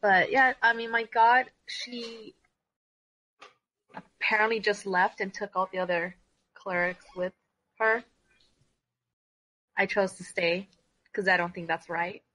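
A woman's voice: mid-range voice, fairly even intonation, slow pace, long pauses, bright, forceful tone, low-quality recording. A woman player in a tabletop role-play game, explaining her character casually and a little hesitantly.

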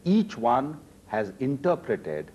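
A man in his sixties with an Indian accent, a finance minister answering interview questions in a measured, repetitive way with hesitant fillers. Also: medium pitch, sing-song, darkish tone, slight background noise, poor audio. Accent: Indian English.

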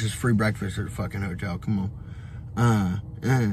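A man's voice: lowish voice, steady tone, moderate pace, a little hiss or hum. A young man vlogging on the road, giving a blunt, profane motivational rant full of fillers and restarts. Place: on the road, traveling.

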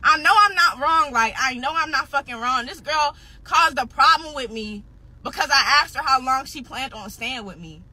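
A woman's voice: high voice, moderate pace, pushed and bright, no echo. A nineteen-year-old woman venting on a livestream, upset and defensive, swearing heavily and repeating herself, close to tears at times. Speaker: social media personality.

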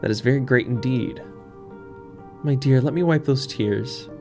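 A man voicing a gentle talking male cat in a game, speaking softly, slowly and reassuringly. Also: mid-range voice, faint music behind, lightly acted. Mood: tender. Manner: soft, slow and reassuring.

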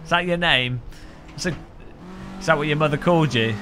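A man streaming a racing game, joking and rambling with frequent laughs, a little hoarse after hours of talking. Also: a little high, a little fast, long pauses, bright, forceful tone, soft background music. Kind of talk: live-stream gaming commentary. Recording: game car engine noise behind.

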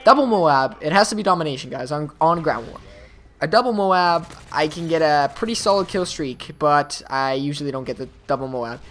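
A man with a slightly high voice gives loose, rambling commentary over his own gameplay. He talks straight to his viewers in an offhand, chatty way. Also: normal speed, a bit bright. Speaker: YouTube gamer.

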